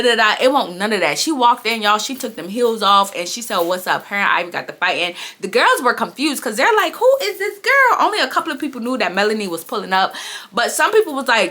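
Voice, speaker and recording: A young woman, casually recapping a reality show and acting out quotes with big pitch jumps. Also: sharp tone.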